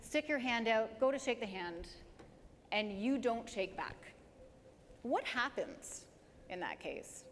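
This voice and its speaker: A woman giving a live career presentation to an audience, lively and emphatic, speeding up and slowing down to demonstrate points. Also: fairly high pitch. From Canada. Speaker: presenter at a dental career talk. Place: large hall with an audience. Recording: hall reverb, faint background noise.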